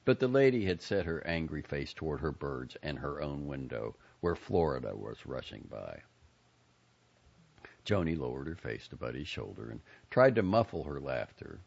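Gravelly, expressive male storyteller. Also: rumbling low, dull audio. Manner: expressive, character-driven. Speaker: audiobook narrator. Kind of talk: storytelling narration.

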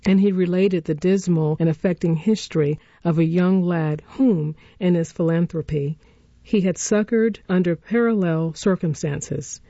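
Mellow, low female audiobook narrator. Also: a little slow, dry recording. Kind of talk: scripted narration. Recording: dull lo-fi recording.

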